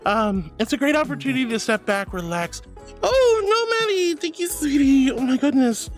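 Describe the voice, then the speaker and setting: A woman streaming casual chat as a sweet archangel persona, her pitch swinging widely as she plays up mock grandeur. She shifts into a gentle, comforting tone for her viewers, with faint music underneath. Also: animated, fairly quick. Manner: playful, dramatic, comforting toward chat. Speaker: VTuber streamer.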